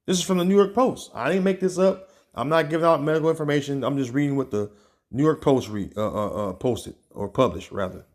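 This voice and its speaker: A man giving informal religious teaching, talking loosely with many fillers and reading passages aloud as he searches for them. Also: medium pitch. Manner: casual, peppered with "man" and "all right"; reads scripture and news aloud, pausing to search. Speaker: online preacher.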